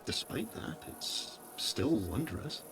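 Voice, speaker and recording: A man voicing a calm, wistful figure who lives inside a decaying simulation, speaking slowly and thoughtfully with a light British accent. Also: mid-range voice, vocal fry, heavily acted. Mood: musing. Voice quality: slow, thoughtful, softly spoken. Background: game music.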